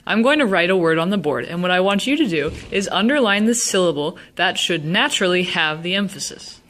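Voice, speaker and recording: A woman teaching Spanish stress rules, slowly sounding out example words. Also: on the low side, expressive, fairly bright tone. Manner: slow, deliberate word demonstrations. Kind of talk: classroom-style explanation.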